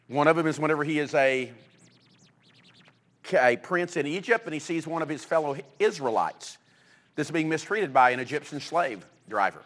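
Animated male preacher, slightly high voice. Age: adult with children. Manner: animated storytelling, acting out quoted voices. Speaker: pastor. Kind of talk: sermon.

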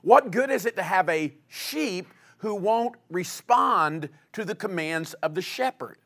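A male pastor preaching a sermon to his congregation, with a dynamic delivery that swings from loud emphasis to quiet, low asides. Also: animated, a little slow.

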